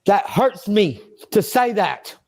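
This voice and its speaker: A man's voice: high voice, very animated, slow, a little mellow. A man speaking in an interview, rambling and agitated, swearing and talking to himself. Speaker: interview subject. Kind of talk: emotional interview monologue.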